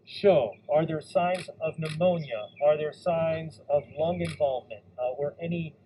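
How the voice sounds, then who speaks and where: Reporter guy with direct questions, higher mellow voice, faint outdoor noise behind. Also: unhurried, rough recording. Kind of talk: press question.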